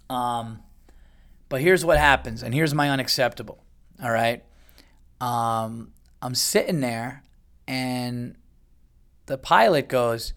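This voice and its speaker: Rambling, swearing man telling a story. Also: fairly high pitch. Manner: rambling, profane, heavy on fillers. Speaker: podcast host. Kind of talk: casual comic storytelling.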